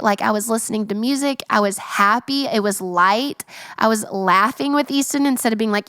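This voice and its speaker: A woman's voice: a little high, moderate pace, fairly bright tone, no room sound, studio quality. A young woman hosting a faith-based podcast, talking in an earnest, heartfelt and emphatic way. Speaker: podcast host.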